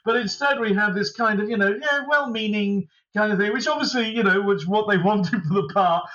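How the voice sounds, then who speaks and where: A middle-aged English man, a screenwriter guesting on a podcast, telling stories with lively asides and quick put-on voices. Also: high-pitched. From England. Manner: animated storyteller who mimics others in put-on voices. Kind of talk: casual podcast chat. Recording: distant, dull lo-fi sound.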